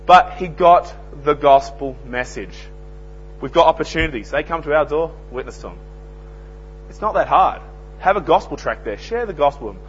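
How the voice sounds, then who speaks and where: Earnest Australian preacher, slightly high voice. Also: male voice, a bit bright. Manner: earnest, plain-spoken, tells anecdotes. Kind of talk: evangelistic sermon. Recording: dull lo-fi recording with faint hum.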